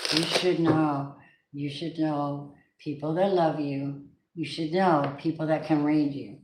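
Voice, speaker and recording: A woman's voice: deep voice, steady tone, slow pace, heavy background noise. A woman giving a casual spiritual tarot reading, emphatic and preachy, talking straight to the viewer. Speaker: tarot reader. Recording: echoey room.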